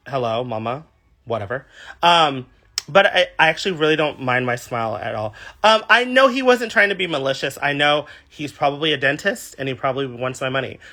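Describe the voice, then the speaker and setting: A man's voice: a little high, pushed and bright. A young man from California, a drag performer, chatting casually on a livestream and reading viewer comments aloud.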